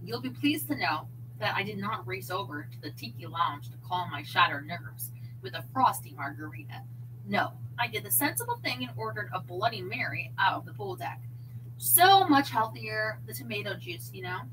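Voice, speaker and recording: A woman reading a novel aloud on a livestream, expressive, with chatty asides to her viewers. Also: mid-range voice, moderate pace, background noise. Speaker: audiobook reader.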